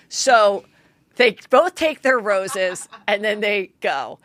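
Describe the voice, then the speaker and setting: A woman's voice: mid-range voice, lively intonation, takes it slowly, a bit bright, dry recording. Chatty gossip lady recapping a show, does little voices, dead dry sound. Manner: chatty gossipy storytelling, acts out quotes. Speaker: podcast host.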